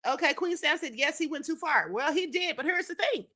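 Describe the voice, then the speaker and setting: A woman with a high, bright, pushed voice speaks fairly quickly and with animation while hosting a live stream. She reads out viewers' chat comments and chats casually with sass, often calling listeners "honey" and "child."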